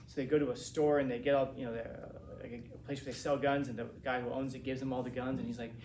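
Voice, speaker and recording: A man in his forties, a teacher, lecturing a class in a rambling, animated way with many restarts. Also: mid-range voice, fast. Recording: roomy classroom from a distance, faint hiss.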